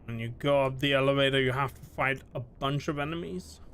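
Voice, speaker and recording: A man's voice: medium pitch, brisk, fairly bright tone, a little hiss or hum. Playful man muttering over gameplay. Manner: playful, mutters to himself, makes beep boop noises. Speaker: streamer. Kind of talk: casual gameplay commentary.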